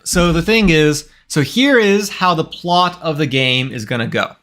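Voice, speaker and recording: A man's voice: on the high side, lively intonation, moderate pace, few pauses, a bit bright. A young man in his twenties streaming his game development, talking casually and thinking aloud with frequent restarts. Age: 20s. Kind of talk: casual live-stream talk while coding.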